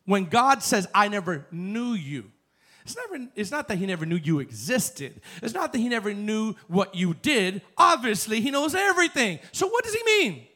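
Pastor, male, high voice, chatty sermon delivery that climbs into fervent calls. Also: big pitch swings, normal speed. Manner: conversational, builds to fervent shouting.

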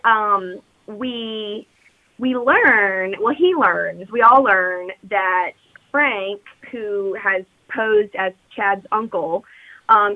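Woman rambling on about a movie plot, casual podcast chat, kinda dull lo-fi sound. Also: medium pitch. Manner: chatty, rambling storyteller.

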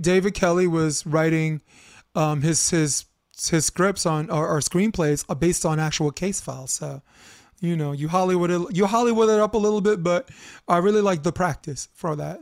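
A talkative man hosting a podcast, his voice sitting a little high for a man. He rambles and restarts his sentences, swears freely, and gets animated as he tells stories. The recording is dry and close, with no room sound. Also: moderate pace, no echo. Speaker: podcast host. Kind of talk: casual chat.

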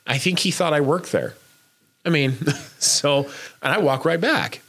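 A man's voice: fairly high pitch, a little slow, fairly bright tone. A man co-hosting a casual chat, urging listeners to be kind, talking emphatically and bluntly with frequent restarts.

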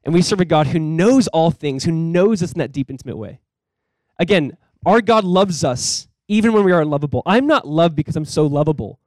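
Fast-talking, earnest man preaching a sermon. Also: a little high, animated, dry recording, poor audio. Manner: conversational, earnest, fillers like 'like'. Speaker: pastor.

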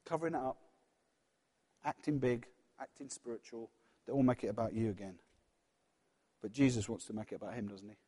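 A man preaching a sermon in a church, earnest and personal, dropping from loud passages to hushed ones. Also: medium pitch, a little fast, long pauses, husky, big-room sound.

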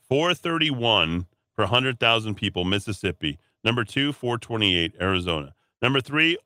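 A man's voice: on the low side, bright, forceful tone, smooth, no room sound. A man hosting talk radio, reading listener comments aloud with blunt, sardonic asides.

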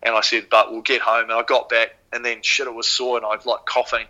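A man with a New Zealand accent tells a story as a podcast guest in a loose, casual way. He swears freely and brings the scene back to life as he goes. His voice sounds very bright and forceful, and his pitch sits in an ordinary middle range. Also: fast talker, poor audio. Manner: swears freely, animated retelling. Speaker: podcast guest, former rower.

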